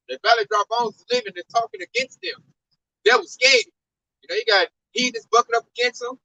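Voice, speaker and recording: A man's voice: extremely high pitch, huge pitch swings, a little fast, vocal fry, sharp tone, a little hiss or hum. A man preaching an informal sermon with fervor, studding his talk with "you know" and "man," recorded from a distance. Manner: fervent, heavy use of "you know" and "man". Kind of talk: informal sermon teaching scripture.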